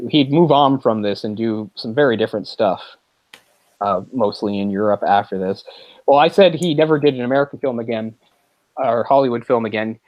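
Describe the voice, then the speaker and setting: A man's voice: on the low side, dry recording, lo-fi sound. A man co-hosting a film podcast, chatting casually and rambling with frequent restarts. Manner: rambling, many restarts and fillers. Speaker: podcast co-host.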